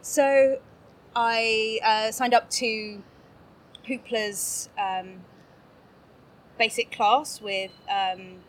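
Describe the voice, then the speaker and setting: A woman's voice: on the high side, steady tone, drawn-out words, pauses often, slight background noise. A woman guest on a podcast, chatting casually and laughing often as she pokes fun at herself. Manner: bubbly, laughs often, self-mocking. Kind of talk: casual interview chat.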